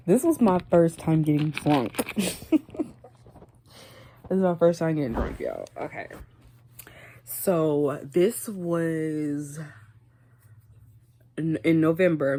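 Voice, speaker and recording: Young woman vlogger, slightly low voice, chatty and animated storytime delivery. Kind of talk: casual storytime.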